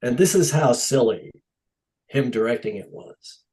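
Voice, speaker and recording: Speaking at a measured pace in a mid-range voice, this middle-aged man, a stunt coordinator, shares stories during a casual podcast interview. He acts out the quoted dialogue with animation, and the podcast-mic recording is low quality.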